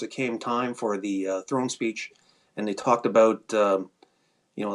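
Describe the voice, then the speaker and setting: Exasperated man rambling with many fillers. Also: lowish voice. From Canada. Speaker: firearms advocacy panelist. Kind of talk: casual panel discussion.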